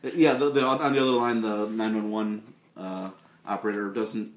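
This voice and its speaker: A man's voice: on the low side, moderate pace. A man co-hosting a podcast, casually retelling film scenes and acting out the lines. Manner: animated retelling, acts out quotes. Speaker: podcast co-host. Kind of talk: casual movie review chat. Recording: echoey room.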